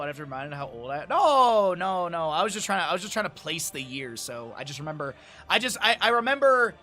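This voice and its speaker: A man's voice: a little high, pushed and bright. A man streaming, chatting casually with his chat, laughing often and reading aloud from a menu. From Lake Tahoe area, United States.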